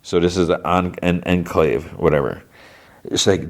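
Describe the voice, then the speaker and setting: A man with a very low voice runs through a TV episode scene by scene. His recap stays loose and conversational, packed with "he's like" and quick restarts. It sounds like a relaxed podcast host.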